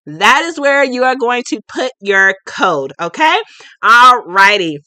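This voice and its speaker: A woman's voice: on the high side, animated, measured pace, sharp tone, dry recording. A woman in her late thirties hosting a casual live stream, chatty and goofy, laughing often as she talks to viewers. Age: late 30s. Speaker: livestream host and shop owner.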